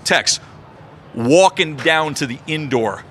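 Animated middle-aged man telling stories. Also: fairly high pitch, slow, slight background noise. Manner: animated, emphatic storyteller. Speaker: podcast guest. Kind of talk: casual chat.

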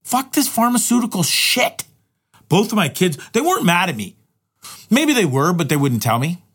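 A middle-aged man talks straight to his viewers in a candid, rambling monologue. His voice sits a little higher than most men's, and he swears freely, stumbling over and repeating words as he goes. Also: wildly swooping pitch, fairly quick, husky. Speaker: vlogger and live streamer.

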